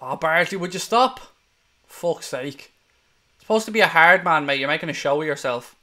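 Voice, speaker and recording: Sweary, heated fan commentator. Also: male voice, fairly high pitch, bright, forceful tone. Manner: heated, sweary, rapid play-by-play. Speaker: host. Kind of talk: live match watchalong commentary.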